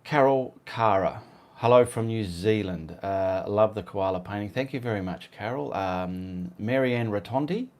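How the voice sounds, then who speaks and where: A man's voice: lowish voice, unhurried. A man with an Australian accent hosting a casual live art stream at home, chatting and answering viewers' comments. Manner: chatty, reads out viewer comments, easily sidetracked.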